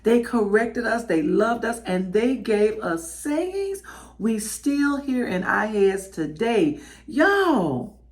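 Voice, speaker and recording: Animated Southern woman hosting. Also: a little high. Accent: Southern American. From Miami, Florida. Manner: animated, warm calls to the audience. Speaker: host. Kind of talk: lively show host address.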